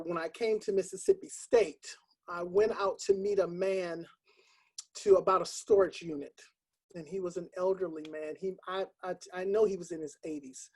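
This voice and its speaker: Older woman telling a halting story. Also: fairly low pitch, mellow, breathy edge. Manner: halting, many ums, earnest. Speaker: choral music professor. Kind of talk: personal storytelling on a webinar.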